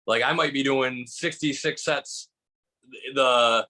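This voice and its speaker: A comedian from Michigan telling stories in a casual chat, rambling with lots of restarts and fillers. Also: male voice, mid-range voice, slow, sharp tone. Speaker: guest comedian.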